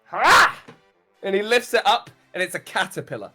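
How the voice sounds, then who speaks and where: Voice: medium pitch, sing-song, fast, a bit bright, faint music behind. A game master narrating a tabletop game in loose, giggly description.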